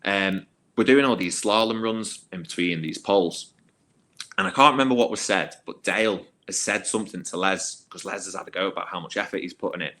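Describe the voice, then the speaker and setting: A man, a former youth footballer, telling anecdotes as a podcast guest in a casual, animated way with plenty of fillers. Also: low-pitched, a little fast. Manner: animated, acts out quoted voices, filler-heavy.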